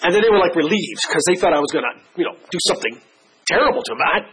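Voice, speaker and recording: A middle-aged man preaching a sermon, telling stories with lively, animated delivery and a husky voice. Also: very fast, poor audio. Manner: animated storytelling with big pitch swings. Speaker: pastor.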